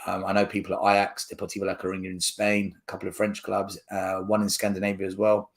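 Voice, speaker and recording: A man's voice: lowish voice, fairly quick, hardly any pauses, a bit bright. A man hosting a football fan channel, ranting to camera in a blunt, argumentative way. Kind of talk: fan opinion rant to camera.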